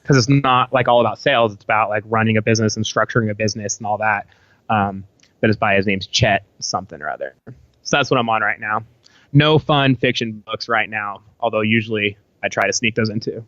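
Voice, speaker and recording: A man's voice: fairly low pitch, a little fast, fairly bright tone, no echo, lo-fi sound. A young adult man as a podcast guest, talking in a laid-back, rambling way with casual swearing. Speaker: podcast guest, apparel company founder.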